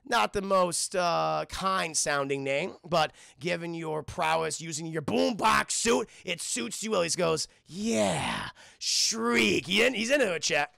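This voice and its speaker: Man, streamer recap, excitable, profane, bright, very gravelly. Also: on the high side, a little slow, few pauses, dry recording, studio quality. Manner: excitable and heavily profane, keeps saying chat. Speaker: streamer and cartoon reviewer. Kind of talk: casual episode recap to live chat.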